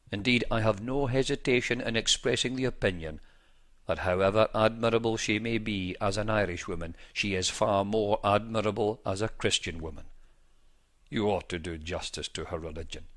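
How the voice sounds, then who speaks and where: A man reading a 19th-century pastor's first-person account aloud in a measured, formal, old-fashioned manner. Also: on the low side, a bit bright. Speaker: reader.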